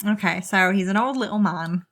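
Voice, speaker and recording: A woman's voice: mid-range voice, moderate pace, a loud crowd. A woman co-hosting a podcast in casual chat, talking through a book and laughing often. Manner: chatty, laughs often, reads excerpts aloud. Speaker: podcast co-host.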